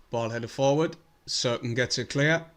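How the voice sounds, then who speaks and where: A young man, commenting live on a match for his stream. He swears a lot, mutters under his breath and breaks into excited bursts. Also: mid-range voice. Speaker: fan livestream host.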